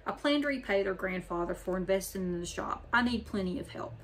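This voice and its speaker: A woman's voice: mid-range voice, lively intonation, brisk, slight background noise, lightly acted. A woman reading as a gracious, firm shop owner. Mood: firm, kind. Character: kind, firm older female shop owner. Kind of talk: audiobook character reading.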